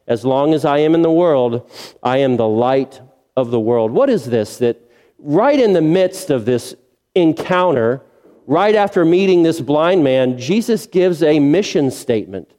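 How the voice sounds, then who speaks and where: A man's voice: on the high side, warm tone. A male pastor preaching a sermon earnestly, asking rhetorical questions and repeating key phrases. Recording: long reverb of a large hall.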